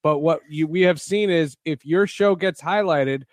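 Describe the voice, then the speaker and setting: A man's voice: fairly high pitch, no room sound. A man hosting a podcast, chatting casually and joking with his co-host. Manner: joking, quick banter.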